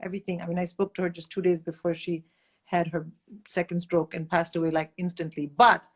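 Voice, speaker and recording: A middle-aged woman from India, telling candid stories as a guest in a casual chat, animated and blunt, swearing freely. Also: lowish voice, brisk, husky. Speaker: guest comedian.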